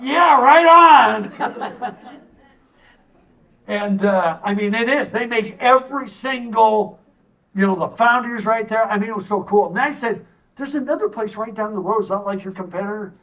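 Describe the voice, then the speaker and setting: Animated man presenting on a stage, distant mic. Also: high voice. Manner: animated, storytelling, jokey asides. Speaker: tourism consultant giving a community assessment. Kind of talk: public presentation to a town audience. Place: stage in a hall.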